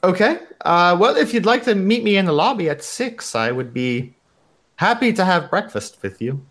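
A courteous young hotel receptionist speaks with a mock German accent, formal and a little flustered, in a man's put-on voice. She sounds higher than her performer and lilts widely from phrase to phrase. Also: sing-song, normal speed, a bit bright, full character voice. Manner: prim, apologetic, formal.

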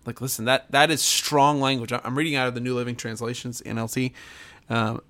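Man, pastor, earnest preaching monologue, emphatic, repeats himself, mid-pitched voice. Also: level tone, brisk, a bit bright. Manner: emphatic, repeats phrases, stumbles and restarts. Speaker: pastor and podcaster.

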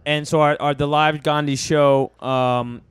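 A man's voice: on the high side, little pitch movement, unhurried, clear, resonant tone, no echo. A man co-hosting a comedy podcast, making wry asides in casual chat. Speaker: podcast co-host.

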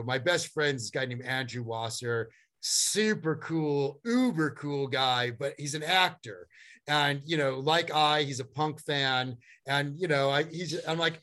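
A middle-aged man telling a long story as a guest, animated and rambling, with many fillers and restarts. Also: on the high side, unhurried. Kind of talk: storytelling in a conversation.

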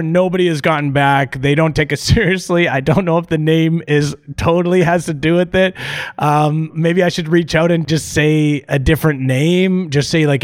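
A man co-hosting a podcast in casual chat, chatty and laughing often, with trailing restarts. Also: on the high side. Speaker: podcast co-host.

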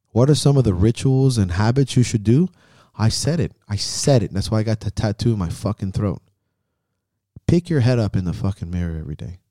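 A man's voice: lowish voice, warm tone, dry recording, clean studio sound. A man hosting a podcast, giving a heavily profane, intense motivational pep talk in a casual chat. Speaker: podcast host.

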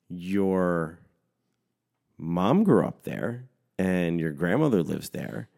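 Low-voiced man ranting with heavy swearing. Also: very slow, creaky, pauses often. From Philadelphia area. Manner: animated, swears constantly, heavy "like" fillers. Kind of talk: casual profane storytelling rant.

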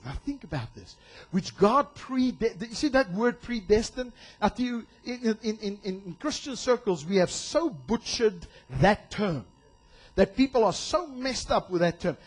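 A male pastor preaching a sermon in an animated way, acting out voices and shouting for emphasis. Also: high voice, unhurried, slightly rough.

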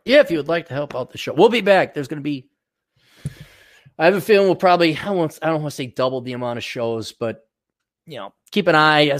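A man with a slightly higher voice rants through a solo podcast. He swears freely and sneers at people he mocks. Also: a bit bright. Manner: profane, sarcastic, ranting; mock voices for people he ridicules. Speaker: podcast host.

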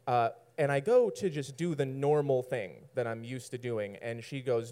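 A man's voice: mid-range voice, expressive, normal speed, few pauses, warm tone. Brief: male storyteller, loose and rambling, self-mocking humor. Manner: rambling, self-mocking, laughs at his own lines. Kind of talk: personal story told to an audience.

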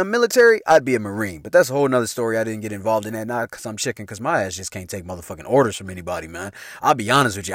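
A man with a Chicago accent spins a casual, profanity-laced story and laughs often along the way. His voice sits somewhat high and leaps around with lively intonation. The recording is dry, with no room sound. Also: no echo. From South Side of Chicago. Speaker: podcast host.

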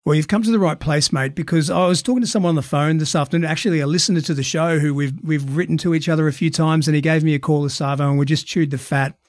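Aussie male podcast host, higher voice, measured and emphatic, dry booth sound. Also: steady tone, no room sound. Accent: Australian. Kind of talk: podcast interview and scripted intro.

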